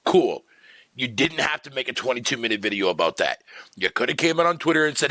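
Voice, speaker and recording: A man's voice: medium pitch, lively intonation, fast talker, pushed and bright, no room sound. A man streaming live, ranting profanely to his chat in a casual, exasperated way. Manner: talks to chat viewers by name.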